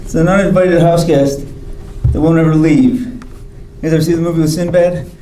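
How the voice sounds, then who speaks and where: A man's voice: on the high side, fairly even intonation, normal speed, warm tone, roomy sound, a little hiss or hum, low-quality recording. A man giving a hospital grand rounds talk, telling his own story candidly and wryly, acting out the people he quotes. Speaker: physician speaker. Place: hospital lecture hall.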